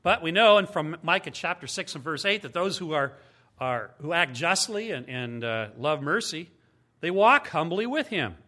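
A man's voice: on the high side, big pitch swings, moderate pace, sharp tone. A man giving a teaching sermon as a Bible teacher, speaking emphatically and explaining step by step with rhetorical questions.

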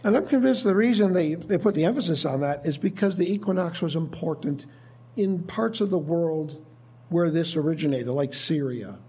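A man preaching a sermon in a measured, thoughtful teaching manner, often restarting his sentences. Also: on the high side, dark tone, breathy edge.

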